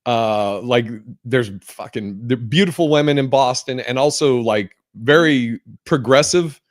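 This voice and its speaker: A podcast host chats casually, rambling around his questions with plenty of fillers and the occasional curse. His voice sits at an ordinary middle pitch and he speaks a little slowly. The sound is close and dry, with no room sound.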